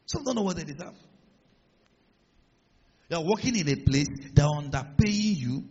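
A man preaching with a high, husky voice that leaps up and down in pitch as he pushes his points. His words ring out with a long reverb in a large church hall. The recording sounds a little muffled. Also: lively intonation, moderate pace. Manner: emphatic preaching, rising to loud declarations. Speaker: pastor. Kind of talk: sermon.

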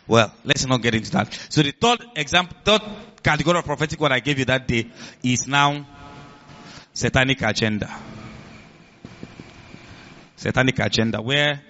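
A man preaching a sermon as pastor, animated, laughing and asking the congregation questions. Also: a little high, muffled recording.

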